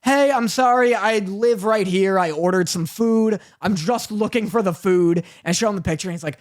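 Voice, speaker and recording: A man's voice: sits high, moderate pace. A man co-hosting a podcast, telling a story in casual chat, acting out the other people in it and laughing often. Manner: animated, acts out others' voices, laughs often. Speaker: podcast co-host.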